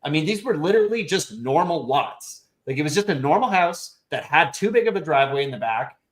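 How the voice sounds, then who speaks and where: A man's voice: a little high, very animated, brisk. A man hosting a round table discussion on a video call, ranting bluntly and swearing freely. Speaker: show host and real estate investor.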